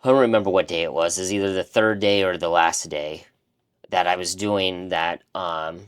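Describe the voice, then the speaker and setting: A man with a very low, deep voice shares a personal story in casual conversation. He is earnest and reflective. He often slips into the voices of people he remembers talking to. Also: steady tone, moderate pace, smooth. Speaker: life coach and podcast co-host.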